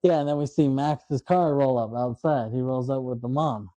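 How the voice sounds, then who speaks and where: A podcast co-host with a mellow, medium-pitched voice casually recaps a film scene by scene, rambling as he goes. He laughs often and acts out lines in quick voices, heard through a dry recording with poor audio.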